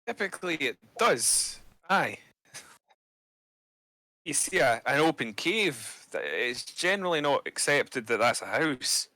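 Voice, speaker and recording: A man's voice: mid-range voice, sing-song, a little slow, pushed and bright, no room sound. A man playing a tabletop game in an easygoing way, explaining his character's abilities. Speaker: player.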